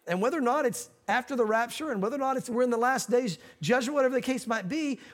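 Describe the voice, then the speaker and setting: A man's voice: very high-pitched, quick pace. A male pastor preaching a sermon, telling a story with acted-out quotes and teaching from a Bible verse.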